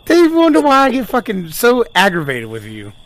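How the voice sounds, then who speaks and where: A man's voice: high voice, wildly swooping pitch, normal speed. Teasing, swearing man in banter. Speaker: podcast co-host. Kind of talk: casual chat. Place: front porch, outdoors.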